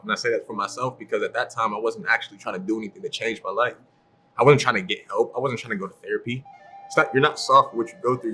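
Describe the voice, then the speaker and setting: A man as a podcast guest telling a story in a casual way, acting out what others said and laughing often. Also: on the low side. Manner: animated, acts out the voices of people in his story.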